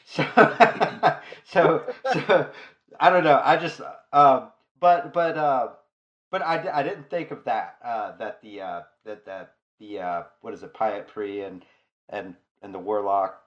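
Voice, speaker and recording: A man's voice: mid-range voice, takes it slowly. Hesitant man on slightly muffled audio. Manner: hesitant, stumbling restarts. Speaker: podcast co-host. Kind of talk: casual discussion.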